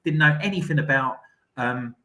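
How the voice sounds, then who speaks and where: A man co-hosting a casual podcast chat, upbeat and pausing with "um" and "uh". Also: a little high, bright, forceful tone. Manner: upbeat, hesitant with "um" and "uh". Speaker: podcast co-host.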